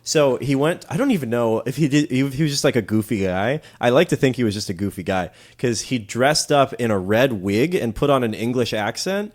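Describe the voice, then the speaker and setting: A man's voice: mid-range voice, animated, brisk, hardly any pauses. A man co-hosting a comedy history podcast, telling a story in casual chat, laughing often and slipping into goofy voices. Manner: jokey storyteller who laughs often and slips into silly voices. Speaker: podcast co-host.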